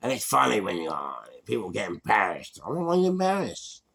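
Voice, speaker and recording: A man in his sixties with a London accent, telling a street story in a slangy, animated way. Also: on the low side, normal speed. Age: 60s. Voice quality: gravelly. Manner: animated, slangy, acts out voices. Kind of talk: storytelling monologue.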